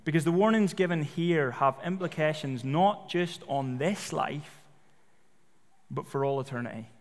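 Male preacher, slightly high voice, chatty storytelling sermon, long church hall reverb. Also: measured pace. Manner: conversational storytelling with fillers. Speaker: pastor.

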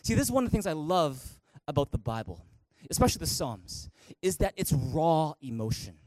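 A man's voice: a little high, very animated, moderate pace, darkish tone, no echo. A man preaching a sermon as pastor, calling the congregation to read aloud and respond. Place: church in Canada.

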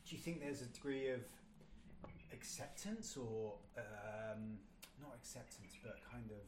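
A man's voice: mid-range voice, unhurried. A man hosting an interview, asking questions in a thoughtful, hesitant way. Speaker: host. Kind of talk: casual interview chat. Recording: echoey room with background noise.

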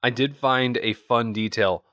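As a podcast co-host, this man talks about a movie in a relaxed, conversational way. He has a mid-range, fairly bright voice with fairly even intonation and a slightly slow delivery, recorded cleanly in a studio with no room sound.

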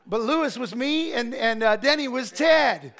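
Male pastor, high-pitched, animated sermon delivery. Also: normal speed, a little hiss or hum. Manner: animated preaching with asides and laughter.

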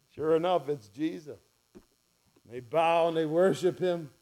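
In a church sermon, a male pastor with a slightly high voice speaks slowly, storytelling as he voices quotes both quietly and loudly.

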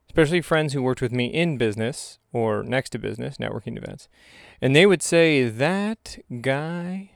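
Gravelly young man hosting a comedy monologue. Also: mid-range voice, no echo, clean studio sound. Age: 20s. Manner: playful, self-mocking, slips into silly voices. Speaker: podcast host.

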